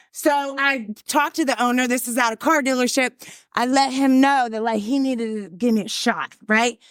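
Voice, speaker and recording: A middle-aged woman, sharing her recovery story in loud, emphatic testimony and acting out the quotes. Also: fairly high pitch, normal speed, clean tone, no echo, clean studio sound. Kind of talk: personal testimony.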